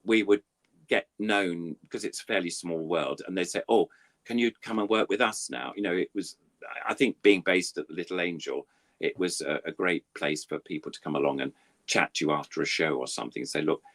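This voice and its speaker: Deep-voiced older Englishman telling stories. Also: fairly quick, a bit bright. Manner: rambling, self-deprecating storytelling with many fillers. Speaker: puppeteer guest. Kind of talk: anecdotal interview chat.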